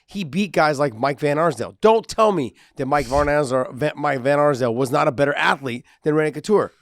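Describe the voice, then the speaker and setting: Profane ex-fighter telling stories. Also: male voice, on the high side, fairly quick, dry recording. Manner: profane storyteller, acts out quotes. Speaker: podcast co-host, former fighter. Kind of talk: casual chat.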